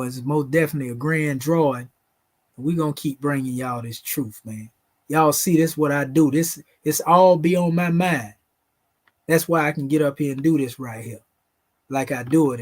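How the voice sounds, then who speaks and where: Preachy Southern man hosting a late-night stream. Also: a little high. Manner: preachy, calls listeners "family", recites spiritual invocations. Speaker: channel host. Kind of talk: late-night livestream monologue.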